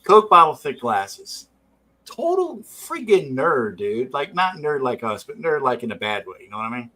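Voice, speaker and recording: This man hosts a drawing stream and tells a rambling, animated story full of casual swearing. His voice sits at a medium pitch and moves at a normal speed, and the recording is rough.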